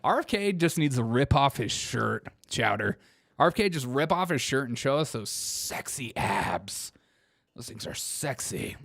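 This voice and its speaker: A man's voice: medium pitch, a little slow, vocal fry, no echo, clean studio sound. A man hosting a casual political reaction show, joking and mocking what he plays. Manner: joking, mocking, lively, laughs often. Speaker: political commentary host.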